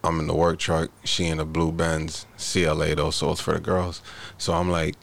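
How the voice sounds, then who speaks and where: Deep easygoing man hosting a podcast. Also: monotone, normal speed, creaky, few pauses. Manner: easygoing, repeats phrases. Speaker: podcast host. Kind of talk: casual chat.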